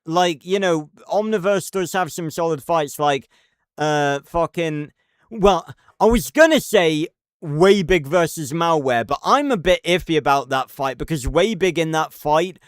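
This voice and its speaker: A man's voice: a little high, measured pace, clean tone, dry recording, clean studio sound. A man ranting casually on a live stream, rambling and cursing, with lots of fillers and restarts. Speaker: livestreamer.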